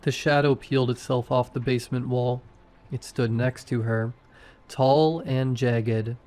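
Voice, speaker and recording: Slow-paced male horror narrator. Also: mid-range voice, steady tone, a little mellow. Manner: slow, short, tense sentences. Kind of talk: first-person horror story narration.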